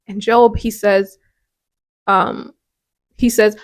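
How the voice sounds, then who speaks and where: Woman, podcast host, devotional talk; earnest and conversational with frequent restarts, voice on the high side. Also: a little slow, dry recording.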